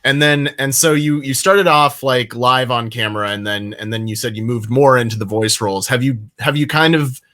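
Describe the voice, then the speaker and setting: A man's voice: medium pitch, fairly even intonation, moderate pace, few pauses, bright, forceful tone. An American man hosting a convention panel over a video call, asking questions in a friendly way. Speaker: panel host.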